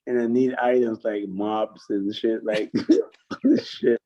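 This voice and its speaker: A middle-aged man telling stories with lots of swearing and animated mimicry of other people. His voice sits low and mellow. The recording sounds dull and lo-fi. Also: slow pace. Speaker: guest. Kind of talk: casual storytelling chat.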